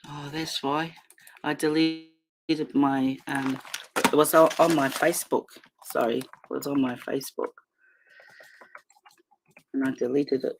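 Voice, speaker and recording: A woman's voice: rumbling low, fairly even intonation, a little slow, long pauses, noisy background. A middle-aged woman with a New Zealand accent, hosting a casual livestream, talking in an impassioned, rambling way full of fillers and restarts into a computer mic. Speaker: livestream host.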